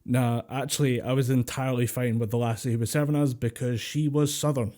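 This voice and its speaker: A Scottish man with a soft, mellow tone, chatting casually as a podcast co-host. He rambles, swears freely and laughs often. It sounds like he is talking over a voice call. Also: mid-range voice, fairly even intonation, a little fast. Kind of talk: casual chat. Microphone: Discord voice call.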